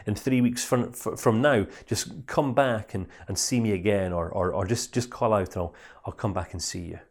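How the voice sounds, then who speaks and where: A man's voice: on the low side, normal speed, close to an everyday voice. A man voicing a local doctor who speaks in an officious, matter-of-fact way. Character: brisk, detached male local doctor.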